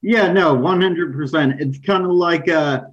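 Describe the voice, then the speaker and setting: A man co-hosting a podcast in casual chat, mostly agreeing and slipping in quick jokes. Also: fairly high pitch, dull audio. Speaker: podcast co-host.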